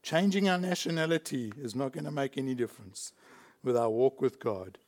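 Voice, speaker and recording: A South African pastor preaches in church, emphatic and chuckling between his points. His medium-pitched voice is expressive, brisk and a little mellow.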